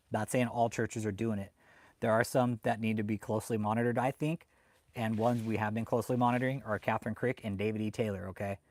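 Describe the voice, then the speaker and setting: A man hosting a livestream who rants heatedly, swears often and bursts out loudly as he talks to his chat. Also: fairly low pitch, no echo. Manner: heated and swearing, with loud outbursts. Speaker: livestream host reading chat. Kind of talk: profane ranting live commentary.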